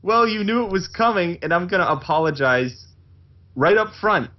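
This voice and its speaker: A man's voice: high voice, expressive, moderate pace. A man putting on a whiny, foul-mouthed male gamer streamer who is paranoid and hot-tempered, ranting and cursing, on a muffled lo-fi recording. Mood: angry ranting. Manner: ranting, cursing, indignant whining.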